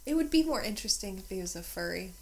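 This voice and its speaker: A young woman talking with a friend about a film in an easy, casual way. She drops dry, wry quips and gets in quick comebacks. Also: mid-range voice, lively intonation, darkish tone. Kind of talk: casual chat reacting to a film.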